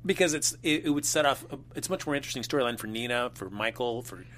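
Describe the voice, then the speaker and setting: A man's voice: mid-range voice, animated, fast, fairly bright tone, a little hiss or hum. A man co-hosting a casual chat about a soap opera, thoughtful and a bit hesitant. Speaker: soap opera podcast co-host.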